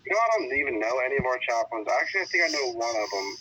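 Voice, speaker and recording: A man working in police internal affairs, taking a phone call and answering in a relaxed, patient, slightly amused way. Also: mid-range voice, rapid-fire, a little hiss or hum.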